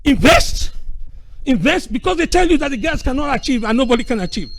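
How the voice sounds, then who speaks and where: A middle-aged man giving an impassioned, preacherly conference speech, swinging from booming to hushed. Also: sing-song, a little fast, gravelly, low-quality recording. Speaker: speaker at a conference.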